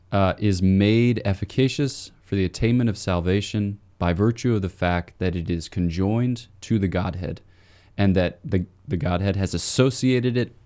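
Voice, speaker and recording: Deep, mellow-voiced priest guest. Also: male voice. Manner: measured, scholarly explanation with fillers. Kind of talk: podcast interview, explaining theology.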